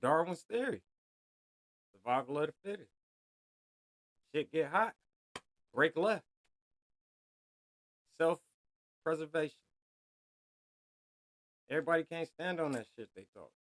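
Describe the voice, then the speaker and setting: A man's voice: on the high side, lively intonation, a little slow, long pauses, fairly bright tone. Blunt, slangy man lecturing on a podcast. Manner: blunt, profane street-slang storytelling; preachy, lecturing the listeners. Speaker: podcast host. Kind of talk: solo podcast monologue.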